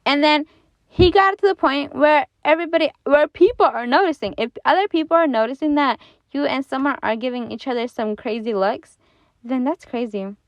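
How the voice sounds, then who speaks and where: A woman giving casual commentary on an online story, animated and exasperated, with lots of fillers and restarts. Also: high voice, moderate pace, no room sound, highs cut off.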